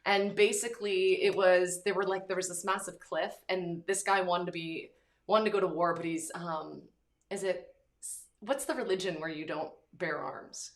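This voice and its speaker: A woman's voice: on the low side, normal speed. Chatty woman host in a roomy space. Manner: animated storytelling, acting out quotes. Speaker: podcast host. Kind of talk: casual chat. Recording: roomy echo.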